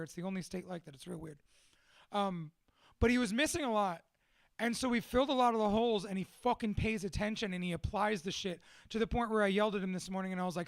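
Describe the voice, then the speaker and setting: A man's voice: high voice, creaky, dry recording. A man who runs a tattoo studio, talking casually and with a lot of swearing to a room of people at a gathering he hosts. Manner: profane, excitable, heartfelt. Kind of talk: casual live talk to a room. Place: room with an audience.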